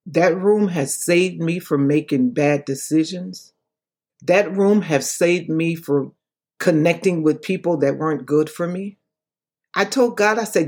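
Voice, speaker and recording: A woman's voice: low-pitched, unhurried, darkish tone, husky. A woman evangelist speaks as a guest with fervent conviction. Her delivery has a preacher-like rhythm, and she repeats her phrases for effect. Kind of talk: impassioned personal testimony.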